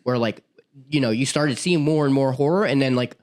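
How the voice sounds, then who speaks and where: A man's voice: medium pitch, fairly quick, a little mellow. A young adult man co-hosting a horror podcast, rambling through a film recap with lots of fillers and swearing. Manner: rambling, filler-heavy, laughs often. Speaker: podcast co-host. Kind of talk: casual chat.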